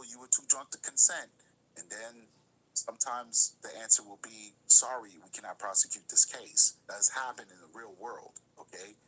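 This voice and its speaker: A man's voice: mid-range voice, sharp tone, a little hiss or hum, poor audio. A man hosting a live-stream reaction, explaining points carefully and repeating them for emphasis. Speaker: commentary host.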